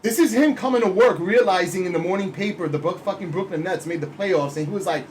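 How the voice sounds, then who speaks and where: A man, a podcast co-host mocking with incredulous, animated energy. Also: sits high, fast talker. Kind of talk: casual profane chat. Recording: faint background noise.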